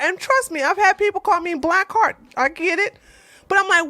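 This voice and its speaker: A woman's voice: extremely high pitch, animated, moderate pace, pushed and bright, dry recording. A woman hosting an advice channel, telling a story to her viewers bluntly and animatedly, repeating herself for emphasis. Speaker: relationship advice channel host.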